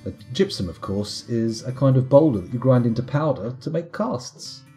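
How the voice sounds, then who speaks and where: A man chats his way through a live game stream in a mellow, relaxed voice, wandering off into wry jokes at his own expense. Soft guitar music plays quietly underneath. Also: medium pitch, moderate pace. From United Kingdom. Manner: rambling, wry, self-mocking asides. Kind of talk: casual live gameplay commentary.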